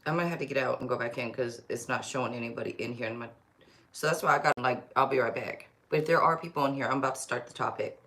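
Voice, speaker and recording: A woman's voice: extremely low pitch, fast, a bit bright. A woman hosting a tarot live stream, chatting casually and rambling, often talking to herself. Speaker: tarot reader livestream host. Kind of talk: casual livestream chat.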